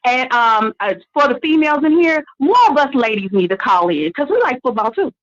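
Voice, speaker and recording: A woman calling in to a show, friendly and halting, repeating words as she makes her point. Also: high voice, expressive, dull audio. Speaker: caller. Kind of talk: call-in show chat.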